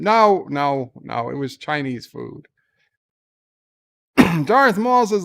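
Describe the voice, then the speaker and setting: A man's voice: fairly high pitch, big pitch swings, takes it slowly, gravelly, long pauses, a bit bright, clean tone. A man hosting a livestream, reading chat comments aloud in a casual, wry way with frequent filler words. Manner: reads chat aloud, chatty, lots of uh fillers, wry asides. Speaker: livestream host.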